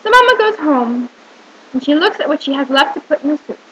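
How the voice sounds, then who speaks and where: A woman teacher reading a picture book aloud to young children, with animated storytelling and questions to the listener. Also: sits high, a little fast, muffled recording, slight background noise.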